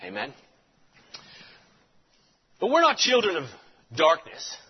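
A male preacher telling a story in a sermon, animated and punctuated with amens. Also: sits high, brisk, breathy edge, dull audio. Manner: animated storyteller, repeats amen.

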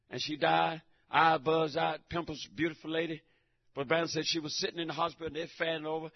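Man, middle-aged, preacher, fervent sermon, stammering repeats, dull lo-fi sound. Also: on the high side. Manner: fervent, swings from shouting to hushed, stammering repeats. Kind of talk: fiery church sermon. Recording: dull lo-fi recording.

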